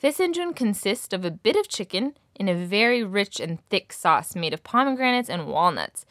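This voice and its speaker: A young woman teaching a language lesson, clearly modelling words slowly for her student to repeat. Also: medium pitch, very animated, fairly bright tone, dry recording, studio quality.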